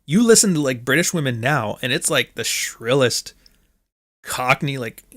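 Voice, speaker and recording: A man's voice: medium pitch, expressive, normal speed, fairly bright tone. A Canadian man hosting a livestream, talking in a blunt, rambling way and swearing freely. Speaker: stream host. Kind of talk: casual livestream commentary.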